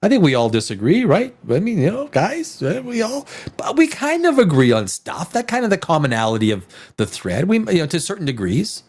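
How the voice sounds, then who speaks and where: A man's voice: sits high, wildly swooping pitch, a little fast, darkish tone, husky. A man hosting a live stream in casual chat, rambling and profane, with many restarts. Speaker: live show host.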